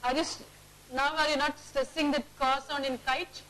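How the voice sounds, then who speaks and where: A woman teacher leading a classroom phonics lesson, drilling words aloud and checking the class with quick questions. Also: high voice, level tone, fairly bright tone, rough recording.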